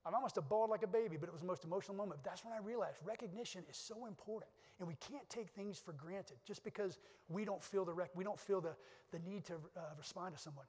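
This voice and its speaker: Middle-aged male keynote speaker, quick earnest delivery, lingering hall reverb. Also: sits high, darkish tone, husky. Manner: earnest storytelling with repeated restarts. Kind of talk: motivational speech with personal stories. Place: conference hall.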